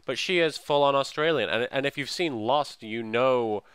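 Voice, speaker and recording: A man with a bright, clear voice recapping a TV show with friends. He rambles a little, hedges, and restarts his sentences as he works through a thought. The sound is close and dry. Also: medium pitch, normal speed, no echo. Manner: chatty, hedging, restarts often. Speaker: podcast co-host. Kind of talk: casual TV recap chat.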